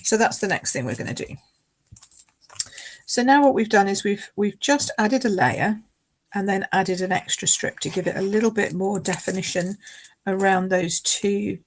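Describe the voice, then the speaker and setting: A woman demonstrating card making in a live craft tutorial. She chats casually, often apologises and laughs along the way. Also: mid-range voice.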